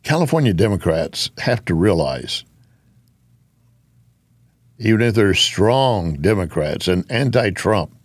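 A man's voice: lowish voice, big pitch swings, slow pace, long pauses, no echo. Man, political commentator, opinionated, sarcastic, dry close sound.

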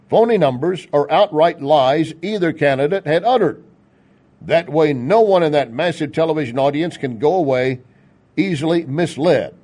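A man's voice: a little high, darkish tone. Argumentative middle-aged male commentator. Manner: argumentative, drawn-out emphasis on key words. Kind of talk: opinion commentary, reading a quote aloud.

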